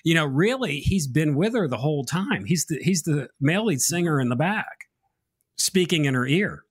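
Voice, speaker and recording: A man's voice: on the high side, animated, moderate pace, husky. A man co-hosting a live stream, reading out viewer comments and reflecting earnestly on faith in casual chat. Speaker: co-host of a faith reaction stream.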